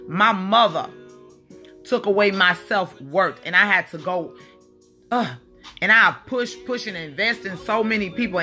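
A woman's voice: mid-range voice, sharp tone. A woman, hosting a livestream alone and talking in a blunt, preachy, profane, emphatic way. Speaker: spiritual wellness livestream host. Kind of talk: unscripted livestream monologue. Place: alone, indoors. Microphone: phone or webcam.

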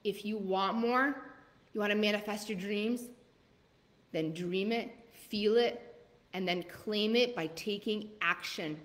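A woman coach giving a live motivational masterclass, urging listeners on with rapid-fire repeated commands. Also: medium pitch, in a large hall. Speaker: leadership coach.

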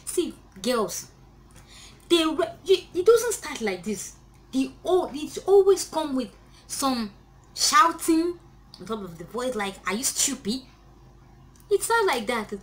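A young woman with a Nigerian accent making a reaction vlog, exclaiming loudly and mixing in Nigerian Pidgin. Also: high-pitched, sing-song, slow pace. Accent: Nigerian English. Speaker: YouTuber. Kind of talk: reaction video rant.

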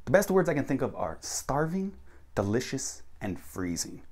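An American man hosting a casual English lesson, explaining slang and acting out example sentences with big swings in his voice. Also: normal speed. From United States. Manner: animated, acts out example sentences with big pitch jumps. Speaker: English teacher, channel host.

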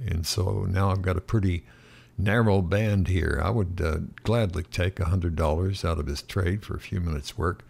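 A middle-aged man steadily narrating a futures trade as it unfolds, calling out prices and stops with frequent pauses and fillers. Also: sits low, fairly even intonation, gravelly, darkish tone. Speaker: day trading instructor. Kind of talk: screen-recorded trading walkthrough.

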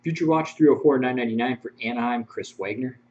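Fast-talking and darkish in tone, this mid-range male voice belongs to a card-break streamer listing card names and serial numbers while chuckling with viewers. The audio is muffled and carries a faint hum.

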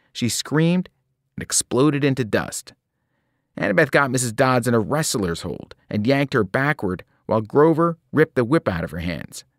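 A man reading a novel aloud to students, telling the story in a lively way and breaking into sudden voiced cries. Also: mid-range voice, dry recording, clean studio sound. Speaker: reader.

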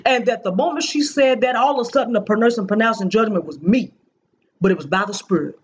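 A woman's voice: fairly high pitch, brisk, dull audio, a little hiss or hum. A woman preaching, earnestly recounting a prophetic dream and repeating key phrases for emphasis.

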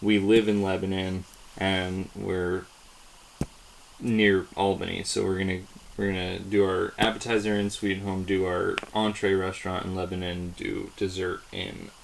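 A man's voice: low voice, little pitch movement, measured pace, vocal fry, slight background noise. A young man talking casually to the camera as a vlogger, rambling a little and chuckling between phrases. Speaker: vlogger on a date with his wife. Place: at home.

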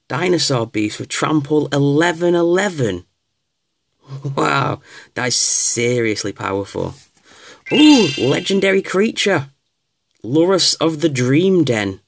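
A man casually opening card packs on camera, reading out card names with excited exclamations. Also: fairly high pitch, slow, vocal fry, dry recording, clean studio sound. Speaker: card pack opener. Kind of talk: casual unboxing commentary.

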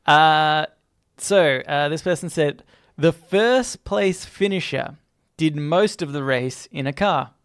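A man co-hosting a podcast in casual comedic chat, playful and quick to laugh, reading out posts. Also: fairly high pitch, a bit bright, clean tone. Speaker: podcast co-host.

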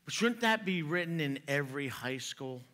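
A man's voice: on the high side, lively intonation, moderate pace, bright, forceful tone. A man preaching a sermon in a church, joking in a folksy way and chuckling at his own jokes. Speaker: pastor. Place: church sanctuary.

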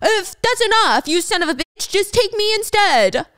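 A woman voicing a desperate teenage boy who shouts loud, pleading outbursts. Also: very high voice, very animated, moderate pace, no echo, studio quality, voice pushed up, exaggerated voice. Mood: frantic.

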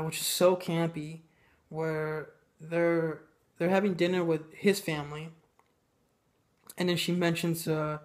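A man giving a casual, ranting film review, blunt and sarcastic, with many pauses and fillers. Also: on the high side.

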